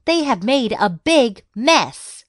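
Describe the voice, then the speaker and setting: A woman voicing an exasperated mother in a children's storybook, loud and high-pitched. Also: big pitch swings, takes it slowly, no room sound, clean studio sound. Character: scolding mother, adult woman.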